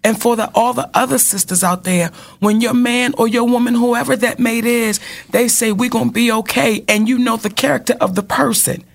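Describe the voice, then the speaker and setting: A woman's voice: on the high side, fairly even intonation, normal speed, creaky, hardly any pauses. A woman co-hosting a casual talk show, speaking in an emphatic, preachy and blunt colloquial way. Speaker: co-host.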